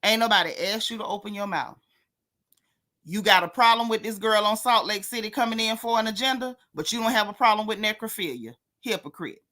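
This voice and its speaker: A woman's voice: medium pitch, brisk, sharp tone. A woman hosting a casual gossip livestream, sassy and mocking as she talks straight to her viewers. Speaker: host of a gossip channel.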